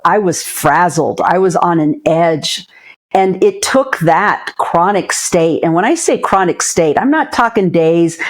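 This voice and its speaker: Middle-aged woman psychologist, low-ish voice, earnest and open, repeats herself a lot, interview chat. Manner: candid and earnest, with frequent restarts and repeated phrases. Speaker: psychologist guest. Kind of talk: reflective interview conversation.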